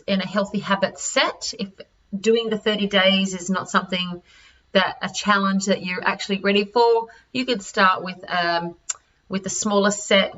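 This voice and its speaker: An Australian woman presenting health products over a call, halting with many fillers and restarts. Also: mid-range voice, sharp tone. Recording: distant, dull-sounding audio.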